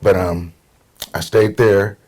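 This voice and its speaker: A man's voice: sits low, fairly even intonation, takes it slowly, a little mellow. A middle-aged man from Portland, Oregon, telling stories as a guest in a casual conversation and acting out the voices of people he quotes. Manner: easygoing storyteller, acts out quotes.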